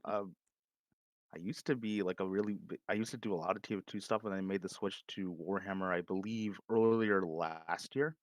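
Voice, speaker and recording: A young man in his twenties chats as a guest on a stream. His voice sits on the low side. He rambles and laughs, and the mic sound is dry and close. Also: steady tone, moderate pace, dry recording. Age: 20s. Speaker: guest artist. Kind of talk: casual chat. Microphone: home microphone.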